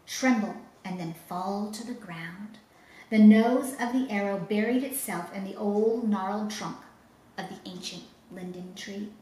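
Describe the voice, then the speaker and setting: A woman telling a children's story with dramatic, expressive reading. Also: mid-range voice. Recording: roomy echo, faint ambience.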